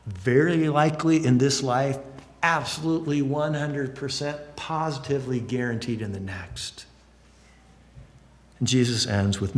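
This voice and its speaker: A man preaching a sermon, lively and expressive, acting out excited voices now and then. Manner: animated, acts out excited voices with big pitch jumps. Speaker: pastor. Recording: long hall reverb.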